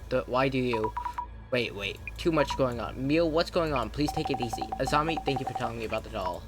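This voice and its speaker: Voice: mid-range voice, expressive, fairly quick. A streamer reading a story game aloud on a live stream, in a plain voice. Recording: game music underneath.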